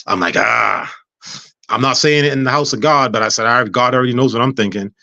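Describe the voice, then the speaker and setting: A man telling a personal story in casual chat, animated, acting out dialogue with frequent stammers and restarts. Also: medium pitch, a little fast, creaky, no echo. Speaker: guest.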